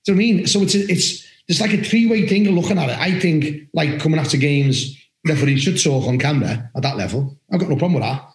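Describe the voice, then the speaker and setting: A blunt man talks on a podcast, firing off rants and swearing without a second thought. His voice sits a touch high. The recording carries a noticeable room echo. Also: animated, fast, few pauses. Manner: blunt, ranting, swears freely. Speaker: podcast host, former referee coach. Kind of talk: casual podcast chat.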